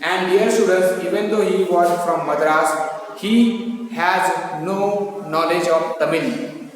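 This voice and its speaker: A man's voice: high voice, steady tone, takes it slowly. Guy teaching english class, asks then answers his own questions, roomy echo, faint room hum. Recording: echoey hall, voice from far off.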